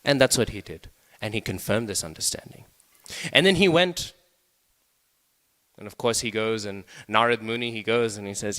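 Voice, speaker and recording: A man's voice: on the low side, moderate pace, a bit bright. A man giving a scripture class in a conversational way, often checking in with the listeners. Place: temple hall. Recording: long reverb of a temple hall.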